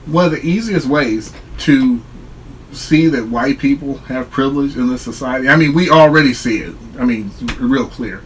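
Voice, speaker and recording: A man's voice: medium pitch, normal speed, a little hiss or hum, low-quality recording. A man talking straight to his viewers in a solo vlog, explaining his view in an earnest, reflective way. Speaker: online commentator.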